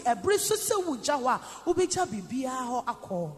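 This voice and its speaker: A Ghanaian man with a very high voice relays a preacher's words line by line, emphatic and fast. A long church reverb trails behind him. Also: very animated. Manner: echoes the preacher's lines quickly and emphatically. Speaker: sermon interpreter. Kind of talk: live sermon interpretation. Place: church hall.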